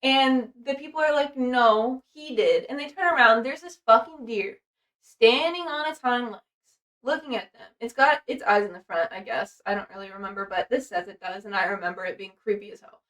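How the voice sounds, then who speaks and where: Fairly high-pitched and brisk, with a bright edge, this young woman podcast host reads from notes in a loose, rambling style full of fillers and casual swearing. Her voice comes across as far from the microphone.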